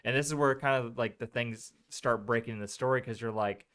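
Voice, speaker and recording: A man's voice: medium pitch, fairly quick, smooth. A man co-hosting a podcast, casually retelling a movie's scenes and acting out the characters' lines. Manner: animated retelling with quoted lines. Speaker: podcast co-host. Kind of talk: casual movie review chat.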